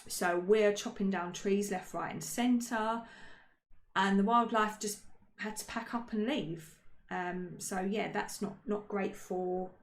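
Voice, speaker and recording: A woman's voice: medium pitch, fairly even intonation, slow. A woman co-hosting a casual history podcast, chatty and jokey, with many ums and self-corrections. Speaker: podcast co-host. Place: indoor room, shared with co-host. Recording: roomy echo.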